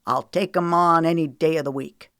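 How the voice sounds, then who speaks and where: A woman's voice: deep voice, fairly even intonation, moderate pace, a bit bright, dry recording, clean studio sound. A woman narrator voicing a huge, powerful man who plays football and talks with confidence. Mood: confident.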